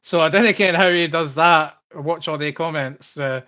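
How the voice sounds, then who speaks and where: A man hosts a casual podcast. His voice sits a little high, and he rambles in a friendly way, often breaking into laughter. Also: normal speed, bright, forceful tone. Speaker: podcast host. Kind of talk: casual chat.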